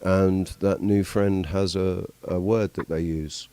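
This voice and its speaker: Deep mellow-voiced man rambling. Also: fairly even intonation, smooth, dry recording. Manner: rambling, halting, swears casually. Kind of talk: casual chat.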